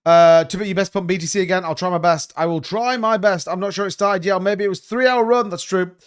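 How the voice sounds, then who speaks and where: A man's voice: high-pitched, fast talker, smooth. A man hosting a crypto livestream, chatting casually and greeting viewers by name.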